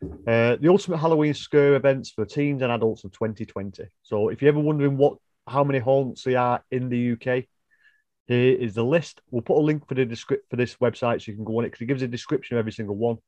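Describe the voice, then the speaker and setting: A man's voice: mid-range voice, fast, a little mellow, no echo, highs cut off. A man co-hosting a casual podcast over a video call, rambling and correcting himself as he goes. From United Kingdom. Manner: rambling, self-correcting, apologetic. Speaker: podcast co-host.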